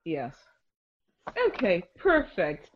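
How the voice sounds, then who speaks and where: A woman hosting a podcast in casual chat, slightly hoarse from a cold, chatty, with many ums and easy laughter. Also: lowish voice, sing-song, very slow, lo-fi sound. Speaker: podcast host.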